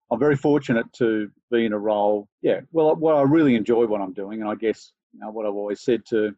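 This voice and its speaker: A man's voice: fairly low pitch, warm tone, no echo. Laid-back Australian man, dry dull sound. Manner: easygoing, thinks aloud with many fillers and restarts. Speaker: interview guest, organisation chief executive. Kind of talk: relaxed conversational interview.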